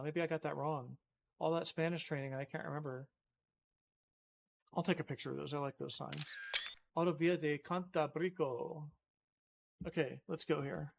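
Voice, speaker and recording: A man's voice: a little high, creaky. A man streaming a driving game live, rambling to himself and a few viewers as he plays. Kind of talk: casual live-stream commentary while playing. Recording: heavy noise behind the voice.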